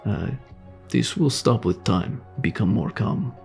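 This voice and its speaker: A man playing a tabletop game, speaking calmly and measuredly as a fatherly character. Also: lowish voice, measured pace, creaky, faint music behind. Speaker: player. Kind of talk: tabletop role-play.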